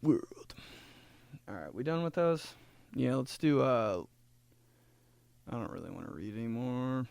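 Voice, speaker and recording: A man's voice: mid-range voice, expressive, unhurried, creaky, pauses often, a little mellow, clean tone, dry recording. A young man hosting a comedy podcast, rambling through stories with frequent laughs. His voice swings widely up and down as he jokes. The recording is close and dry, with no room sound. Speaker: podcast host. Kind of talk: casual comedy podcast chat.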